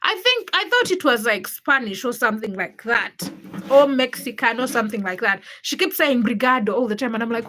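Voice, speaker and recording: A woman's voice: a little high, animated, a little fast, fairly bright tone. A woman from Uganda, chatting casually on her livestream, greeting viewers by name and teasing them. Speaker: livestream host. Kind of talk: casual live stream chat reading viewer comments.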